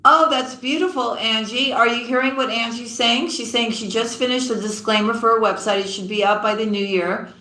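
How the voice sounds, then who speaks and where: A woman reading tarot on a live stream, casually greeting viewers by name and calling them sweetheart and sis, often dropping low and quiet mid-sentence. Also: fairly even intonation, fairly quick, hardly any pauses, reverberant.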